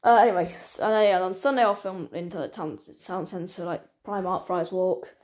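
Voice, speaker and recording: A woman chatting casually to her channel's viewers, rambling and halting with many restarts. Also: on the low side, fairly even intonation, darkish tone. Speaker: channel owner. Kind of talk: casual vlog chat.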